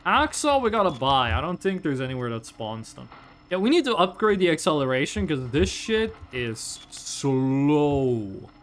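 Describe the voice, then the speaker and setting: Give me a young man streaming a game, chatty and profane, with a bright, animated voice. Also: fairly high pitch, unhurried, slight background noise. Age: 20s. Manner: chatty and profane, joking with chat. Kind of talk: casual live game commentary.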